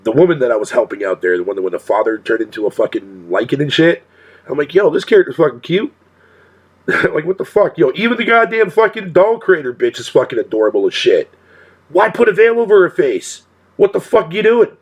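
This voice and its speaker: A man's voice: a little high, expressive, brisk, husky. A male streamer talking casually to his chat in a profane rant, swearing constantly and laughing often.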